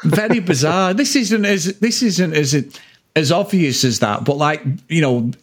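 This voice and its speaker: A man's voice: a little high, unhurried. A man in his forties, co-hosting a casual film chat podcast, rambling with plenty of swearing. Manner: rambling, swears freely, frequent laughs. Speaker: podcast co-host.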